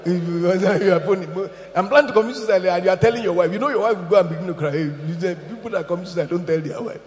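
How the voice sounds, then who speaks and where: A man preaching a sermon in an animated way, shouting out quotes and laughing along with the room. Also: high-pitched, racing, few pauses, slight background noise. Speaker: pastor. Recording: echoey hall, dull lo-fi sound.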